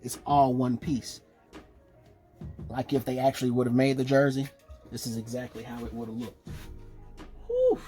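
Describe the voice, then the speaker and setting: Excited male vlogger, mid-pitch, casual show-and-tell, soft music behind. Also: moderate pace, long pauses. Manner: excited, chatty, fillers and self-corrections. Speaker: jersey collector showing his collection.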